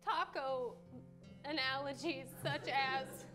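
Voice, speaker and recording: A woman improvising a shy, lovesick woman reading her halting love letter on a live comedy stage. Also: sits high, fairly even intonation. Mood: bashful. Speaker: improv performer. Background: live music underscore.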